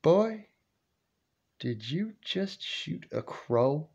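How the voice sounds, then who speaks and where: A man's voice: fairly high pitch, big pitch swings, drawn-out words, creaky, darkish tone, breathy edge, lo-fi sound, pitched above the performer's own voice, full character voice. A man voicing his stern old grandmother, scolding in folksy talk.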